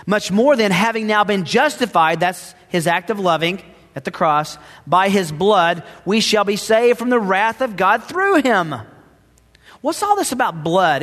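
Preaching a sermon in church, this pastor swings dramatically between loud emphasis and hushed asides. Long hall reverb trails his fairly high voice.

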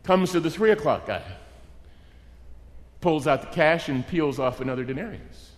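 Middle-aged guy preaching, animated, high voice, big echoey hall. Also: normal speed, pauses often. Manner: animated, acts out characters in the story. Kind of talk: sermon. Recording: long reverb of a large hall.

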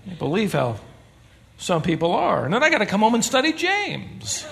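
A man's voice: high-pitched, normal speed, vocal fry, noisy background. A man preaching a sermon to a church congregation, telling stories with humor. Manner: animated storytelling with humor. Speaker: pastor.

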